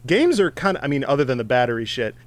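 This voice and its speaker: A man co-hosting a podcast in casual chat, animated and quick to laugh, with rambling asides. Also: medium pitch. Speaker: podcast co-host.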